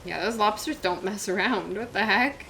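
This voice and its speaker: A woman's voice: medium pitch, moderate pace, creaky, pushed and bright, a little hiss or hum. A woman streaming a video game, chatting casually with her viewers, joking and reacting aloud.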